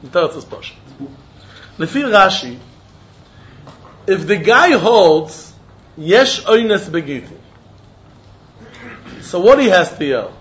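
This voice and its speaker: A man teaches a Talmud lesson in a high, lively voice that leaps up and down. He talks animatedly and acts out the quotes. The recording sounds dull and lo-fi. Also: slow pace, pauses often. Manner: animated, acts out quotes, mixes in Yiddish and Hebrew terms.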